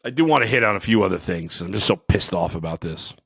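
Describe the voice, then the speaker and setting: A man hosting a sports podcast, ranting angrily and swearing, with outbursts that drop to low muttering. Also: expressive, quick pace, vocal fry, slightly rough, no echo, clean studio sound. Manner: fiery, profane, swings between shouting and muttering. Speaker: sports talk podcast host. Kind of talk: angry sports rant.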